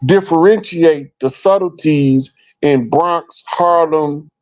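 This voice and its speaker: A middle-aged man from Chicago, telling stories in a relaxed, animated way as a guest speaker. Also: on the high side, slow pace, dull audio. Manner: animated storyteller, acts out quoted remarks. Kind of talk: casual storytelling talk.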